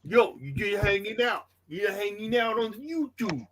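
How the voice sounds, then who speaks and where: A man putting on a loud mock New York tough-guy voice, calling out greetings. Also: high-pitched, animated, measured pace, slight background noise, pitched above the performer's own voice. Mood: brash.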